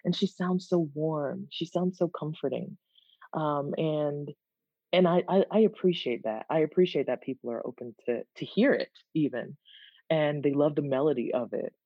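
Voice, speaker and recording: Animated woman guest, dull dry recording. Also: deep voice, normal speed, slightly rough, no room sound. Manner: animated, laughs easily, restarts words. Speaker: guest, content creator. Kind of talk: casual interview chat.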